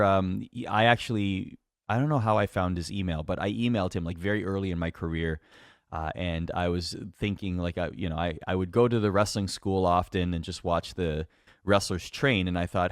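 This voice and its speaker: With a deep, steady, clean-toned voice and a brisk pace, this man works as a wrestling announcer and is a guest on a podcast. He shares stories casually with much animation, laughter, and filler words, recorded in a clean studio with no room sound.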